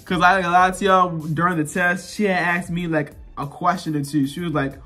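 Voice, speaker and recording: A young man vlogging, telling a story casually to his viewers with relaxed slang and lots of repetition. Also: high voice, brisk, soft background music. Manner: relaxed slangy talk, repeats himself, addresses viewers directly.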